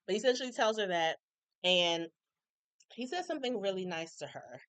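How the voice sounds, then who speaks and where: A woman recapping a TV episode in casual chat, opinionated and animated, acting out characters' lines with colloquial asides. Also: mid-range voice, a little fast, clear, resonant tone, dry recording. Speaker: recap reviewer.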